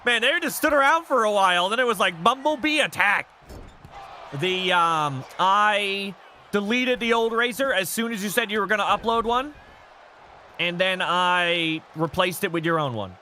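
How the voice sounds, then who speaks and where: A man hosting a live game stream, chatting off the cuff and reading messages from chat. His voice is high, bright and very animated, jumping up at every big moment in the match. Soft music plays in the background. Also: moderate pace, slight background noise.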